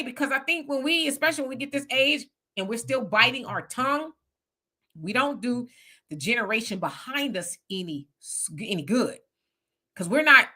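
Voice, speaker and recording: Blunt, animated woman in her fifties. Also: sits high. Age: 50s. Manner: blunt, animated, acts out quoted voices. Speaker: panel guest. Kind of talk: casual chat.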